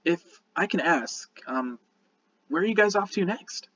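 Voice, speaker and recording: A man's voice: high voice, expressive, unhurried, a bit bright, far from the mic, exaggerated voice. A man voicing a timid, three-foot male goblin blacksmith who stammers and apologizes nervously, on slightly dull audio.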